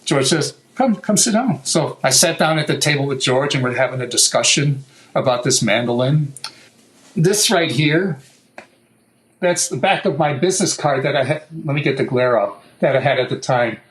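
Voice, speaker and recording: A middle-aged guitar maker, a man, telling lively stories in an interview, acting out what others said and laughing often. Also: mid-range voice, moderate pace, low-quality recording. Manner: animated anecdotal telling, acts out quoted voices, laughs often. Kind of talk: storytelling interview.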